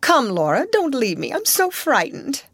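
A woman's voice: sits high, huge pitch swings, normal speed, a bit bright, breathy edge, dry recording, clean studio sound, voice pushed up, full character voice. A woman voicing a frightened, whiny young actress in a novel reading.

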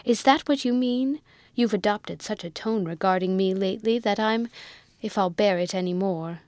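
A woman reads a proud young army officer who flares up fast and shouts in indignation, his lines pitched a little higher and louder than the narration. The recording is close and dry, with no room sound. It is read as an audiobook. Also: no echo, natural voice. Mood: fierce. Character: hot-tempered young male army lieutenant. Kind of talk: audiobook reading.

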